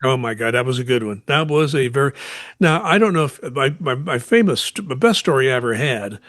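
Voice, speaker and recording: A man's voice: medium pitch, animated, a little fast, a bit bright, no echo, studio quality. A man who hosts talk radio, co-hosting a podcast and telling stories in casual chat.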